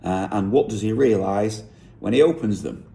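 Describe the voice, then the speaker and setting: Man, songwriter, deep voice, mellow dark tone, unhurried, self-correcting, explaining lyric craft. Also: creaky. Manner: thinking aloud, unhurried, with frequent self-corrections. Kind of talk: explaining how he wrote a song lyric.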